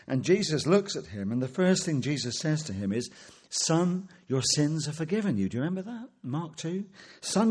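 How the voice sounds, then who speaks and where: A man's voice: medium pitch, a little mellow, breathy edge. A man preaching an expository sermon, asking rhetorical questions and quoting scripture.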